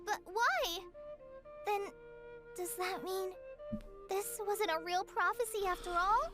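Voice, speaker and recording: Paimon, a squeaky tiny companion. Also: female voice, takes it slowly, music in the background. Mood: puzzled. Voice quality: squeaky, excitable. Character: tiny floating girl companion, chatty, curious. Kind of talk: dubbed video game dialogue.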